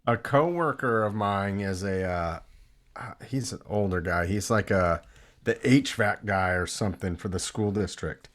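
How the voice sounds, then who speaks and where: A man's voice: lowish voice, measured pace. Male podcast host, easygoing anecdote teller. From Santa Cruz area, California. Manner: animated anecdote teller, acts out quoted voices. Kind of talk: casual chat, storytelling.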